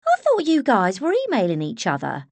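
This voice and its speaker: A woman voicing a flamboyant, teasing woman nurse with an Estuary accent, loud and sassy. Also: mid-range voice, wildly swooping pitch, fairly quick, vocal fry, dry recording, full character voice. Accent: Estuary English.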